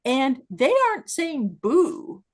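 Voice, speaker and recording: A woman co-hosting a casual discussion podcast, explaining at length with many fillers and growing animated when she makes a point. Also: high voice, slow pace. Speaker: podcast co-host.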